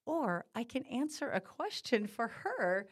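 A woman's voice: on the high side, big pitch swings, a little slow, breathy edge. A woman co-hosting a podcast in casual chat, telling personal stories in an encouraging, reflective way. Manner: warm storyteller, encouraging, reflective. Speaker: podcast co-host.

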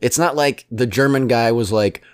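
A man co-hosting a casual chat, rambling and halting with many restarts and fillers, often chuckling. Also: medium pitch, clear, resonant tone, no echo, studio quality.

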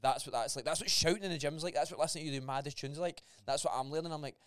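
A man's voice: on the high side, rapid-fire, fairly bright tone, dry recording, studio quality. A Scottish man co-hosting a podcast about strength training, speaking emphatically in casual chat. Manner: emphatic, talks in bursts with many "aye"s. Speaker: podcast co-host and strength coach.

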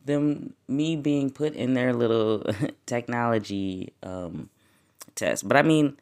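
A podcast host delivers a casual spiritual monologue, animated and cussing, laughing often and swinging widely in pitch and loudness. She talks slowly.

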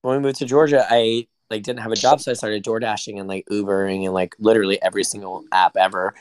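A man's voice: fairly low pitch, level tone, quick pace, clean tone, dry recording. A man in casual crude chat, blunt and teasing.

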